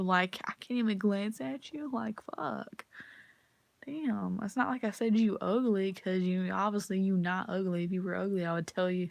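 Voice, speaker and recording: A woman's voice: on the low side, moderate pace, vocal fry, no room sound. A woman ranting casually to camera, swearing freely and acting out the people in her stories. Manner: profane, animated storytelling, acts out quotes. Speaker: vlogger.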